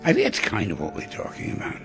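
A male radio host talking in a loose, musing way, his voice sometimes dropping low to almost a whisper. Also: wildly swooping pitch, fast talker, gravelly, fairly bright tone, soft background music. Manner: musing, rhythmic, drops to near-whispers. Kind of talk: casual talk radio chat.

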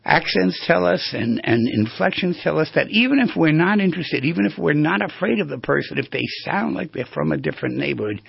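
Gravelly husky New radio host. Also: male voice, mid-range voice, no room sound, lo-fi sound. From New York. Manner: rambling, storytelling, drifts between tangents. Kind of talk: casual talk on voice skills.

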